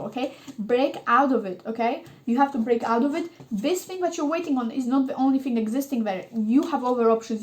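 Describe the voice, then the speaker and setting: A woman's voice: fairly high pitch, a little mellow. A woman giving a tarot reading, talking emphatically and coaxing the listener, often checking in with "okay?". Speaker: tarot reader.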